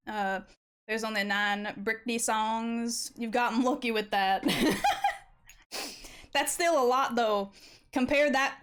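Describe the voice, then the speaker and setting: A woman's slightly high voice comes across a bit bright, clear and resonant. As an art streamer, she draws while chatting easily with viewers in a casual live-stream, answering messages and frequently laughing.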